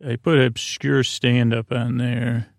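A man hosting a sleep podcast, recapping an episode in a halting way, with many fillers and restarts as he quotes dialogue. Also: mid-range voice, gravelly, dry recording, studio quality. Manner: retells dialogue in a flat quoting voice. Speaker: podcast host.

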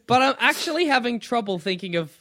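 A man with a high, very lively voice in loose, joking podcast chat. He laughs often, swears freely and slips into quoted lines as he talks. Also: brisk. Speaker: podcast co-host. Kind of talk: casual chat.

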